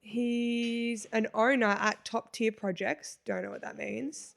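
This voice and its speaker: Aussie girl cohost, kinda high voice, giggly and teasing, just chatting. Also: flat delivery, takes it slowly, vocal fry. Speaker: podcast co-host. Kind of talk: casual chat.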